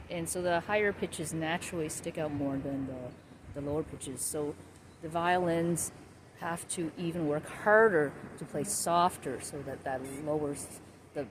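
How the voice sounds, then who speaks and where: A woman string teacher giving a friendly, explanatory teaching tip outdoors in a city. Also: fairly low pitch. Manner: friendly, explanatory, with small restarts. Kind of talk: casual teaching tip to camera. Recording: outdoor city noise behind. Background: traffic and street ambience.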